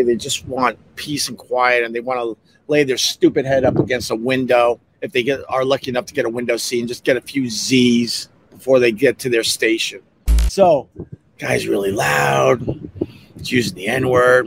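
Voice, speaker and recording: A man in the middle of his range spins a casual podcast story. He gets heated fast, his voice leaping up when he's riled, then dropping back to a grumble. There is a faint hiss of room noise behind him. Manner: heated, animated storyteller who jumps up in pitch when riled. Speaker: podcast host.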